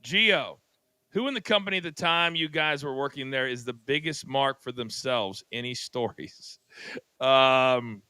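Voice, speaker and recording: A man hosting a talk podcast, laid back and quick to laugh, moving the talk along. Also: mid-range voice, pushed and bright, clean tone, no room sound. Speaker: podcast host.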